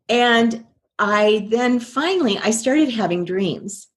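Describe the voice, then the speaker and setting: A woman's voice: fairly high pitch, expressive, takes it slowly. An older woman, a guest in an interview, telling her story earnestly and quoting her own past thoughts.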